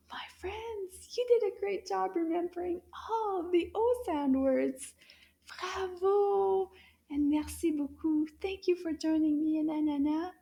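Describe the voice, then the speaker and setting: A woman teaching young children words in a slow, gentle way. She often drops into soft whispers and gasps with surprise. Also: extremely high pitch, gravelly. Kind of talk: slow kids' lesson, words repeated.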